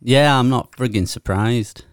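A man's voice: medium pitch, a little slow, clear, resonant tone, no room sound, studio quality. A man with a Yorkshire accent, co-hosting a podcast in casual chat, sweary and grumbling. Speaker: podcast co-host.

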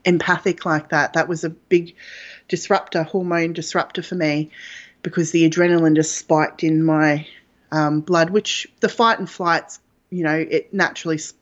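Frank woman, slightly low voice. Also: fairly even intonation, normal speed. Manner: chatty and frank, with frequent fillers and laughs. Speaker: interview guest. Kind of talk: candid personal storytelling. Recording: dull lo-fi audio.

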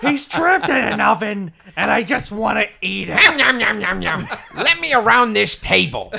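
A man's voice: high voice, sing-song, normal speed, creaky, pushed and bright, a little hiss or hum, voice pushed up, exaggerated voice. A man putting on a squawking, grating impression of a famous comic, playing a hungry shark in a comedy podcast clip. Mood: greedy.

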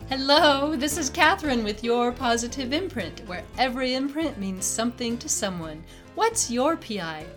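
A woman's voice: fairly high pitch, animated, normal speed, few pauses, faint music behind. A woman hosting a podcast interview, upbeat and emphatic, who laughs often. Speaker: podcast host.

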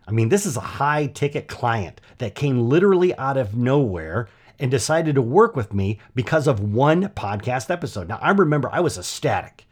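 A middle-aged man hosting his own podcast, telling a personal story in a chatty, animated way with lots of asides. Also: mid-range voice, moderate pace, few pauses, slightly rough. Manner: conversational, animated storytelling with frequent "you know" and "right?". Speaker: podcast host.

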